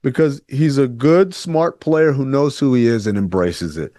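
A man co-hosting a casual sports talk show, emphatic and animated, often mimicking other voices. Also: mid-range voice, normal speed, no echo, clean studio sound. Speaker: podcast co-host.

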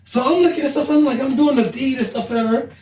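A man with a high-pitched voice tells a rowdy story on a podcast, laughing as he goes and acting out every voice in it. He sits well back from the mic in an echoey room, and a faint hiss runs underneath. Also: quick pace, distant mic. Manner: animated, acts out quoted voices, laughs often. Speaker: podcast host. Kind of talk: casual storytelling.

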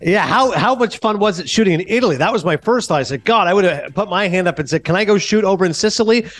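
Male podcast host and film critic, fairly high, lively voice, quick delivery, acts out dialogue. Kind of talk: casual storytelling monologue and interview.

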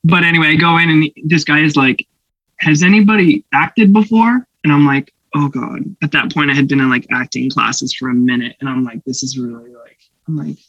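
Brief: young actor guest, animated storyteller, laughs often, dull dry podcast sound. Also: male voice, mid-range voice, fairly quick, vocal fry, dry recording. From Canada. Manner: animated, laughing, acts out voices in anecdotes. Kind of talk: casual storytelling interview.

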